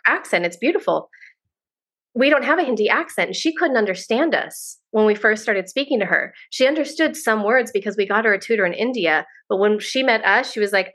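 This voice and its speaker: A middle-aged woman guest on a podcast, talking casually and warmly, gushing and laughing often. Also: mid-range voice, lively intonation, brisk.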